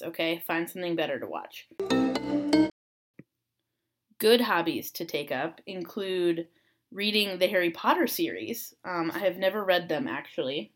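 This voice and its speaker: Chatty young woman, rambling casual talk. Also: lowish voice. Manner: chatty, rambling, many ums and uhs. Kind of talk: casual solo chat.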